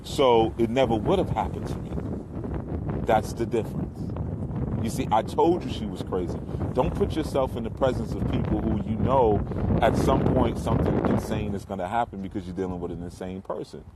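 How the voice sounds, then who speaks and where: A man's voice: on the low side, brisk. A middle-aged man talking loosely outdoors by the water in a rambling way, with profanity, as a spiritual teacher. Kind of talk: casual outdoor monologue. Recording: windy outdoor noise.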